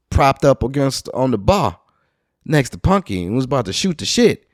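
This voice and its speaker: A man hosting a podcast, telling a story in a loose, profane way that gets animated and loud when he is worked up. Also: mid-range voice, normal speed, dry recording, studio quality. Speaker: podcast host.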